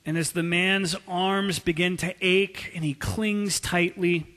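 A man preaching a sermon as a pastor, telling a story with drawn-out emphasis. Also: high-pitched, fairly even intonation, sharp tone. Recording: long hall reverb.

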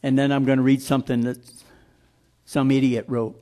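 A man preaching a sermon, blunt and emphatic, slowing down to stress scripture lines. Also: medium pitch, flat delivery, warm tone.

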